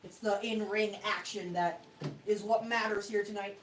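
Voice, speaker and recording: A woman's voice: medium pitch, fairly even intonation, normal speed, a little hiss or hum, rough recording. A woman hosting a casual livestream from a home tabletop setup, self-deprecating and chuckling often. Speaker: host of a toy robot fight livestream.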